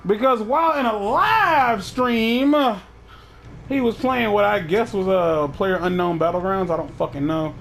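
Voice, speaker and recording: A man's voice: high-pitched, measured pace, creaky, a bit bright, a little hiss or hum. A man hosting a casual chat, talking in a profane, rambling way with many restarts. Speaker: podcast host.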